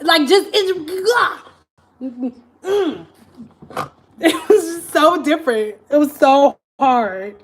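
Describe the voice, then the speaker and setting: A woman with a Detroit accent telling a story to her live-stream viewers in a casual, animated way, laughing often and acting out the voices of people she quotes. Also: high-pitched, unhurried.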